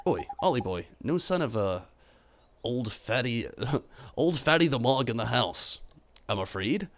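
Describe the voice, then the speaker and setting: A man voicing a cheeky, gruff little fairy man who blusters and scolds. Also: medium pitch, sing-song, a little slow, a bit bright, slight background noise. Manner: boisterous, blustering. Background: game music.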